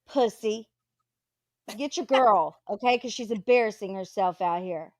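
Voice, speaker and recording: A woman's voice: mid-range voice, a little slow, darkish tone, dry recording. Lady hosting a live panel, blunt and cussing, mid voice, dry close sound. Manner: blunt, profane, mocking. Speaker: host of a live panel stream. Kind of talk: casual chat.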